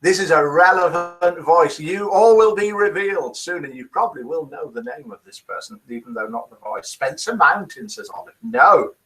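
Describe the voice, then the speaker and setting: A man's voice: on the high side, expressive, normal speed, few pauses, bright, forceful tone. A man hosting a casual live stream, reading out viewers' comments and guesses aloud. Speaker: host of a live daily chat stream.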